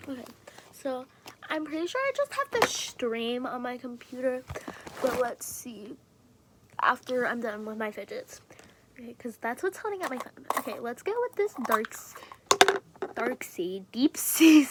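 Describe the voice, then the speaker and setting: A woman with a high voice talks loosely to her camera while showing off her fidget toys. She rambles, swears freely and often sinks to a soft whisper mid-sentence. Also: lively intonation, measured pace, slight background noise. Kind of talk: casual chat to camera.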